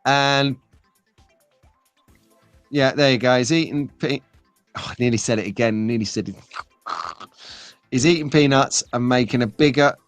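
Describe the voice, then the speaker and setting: A man's voice: medium pitch, normal speed, long pauses, no echo, soft background music. A man hosting a live stream, chatting in a rambling, jokey way while reading out viewer comments. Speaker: host.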